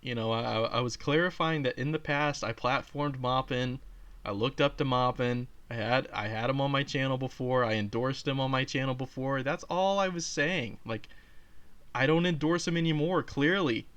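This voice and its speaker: A man's voice: medium pitch, normal speed, fairly bright tone, smooth. A man hosting a reaction video, talking casually, swearing and defiant. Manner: profane, sarcastic, defiant. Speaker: YouTube host.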